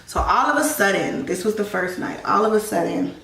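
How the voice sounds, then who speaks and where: A woman's voice: medium pitch, expressive, fairly quick, gravelly. A woman vlogger at home telling a personal story in a conversational way while getting ready, acting out the dialogue as she goes. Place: at home, in a room. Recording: echoey room, distant mic, background noise.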